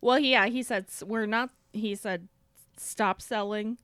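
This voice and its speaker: A woman in casual chat, giggly and quick to joke along. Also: mid-range voice, steady tone, a bit bright, clean tone, dry recording. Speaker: podcast co-host.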